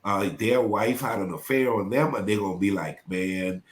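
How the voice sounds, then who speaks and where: A man who is a pastor, telling a painful personal story as a podcast guest in an animated, preacher-like way. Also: on the low side, normal speed, reverberant. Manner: animated, preacher-like, acts out quoted voices.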